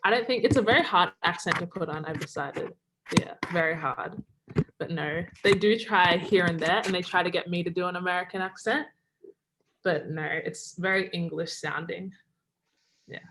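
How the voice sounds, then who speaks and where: With a noisy background behind her, a young Australian college basketball player talks at a moderate pace in a fairly low voice. It's a casual video-call interview, and she laughs a lot and says "like" constantly.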